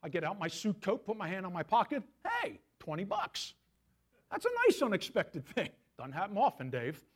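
A man's voice: sits high, huge pitch swings, normal speed, slightly rough. A male pastor preaching a sermon in a conversational way, often asking his listeners questions.

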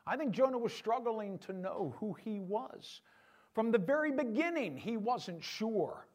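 Male pastor, high voice, very animated sermon delivery. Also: unhurried. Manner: animated, conversational preaching.

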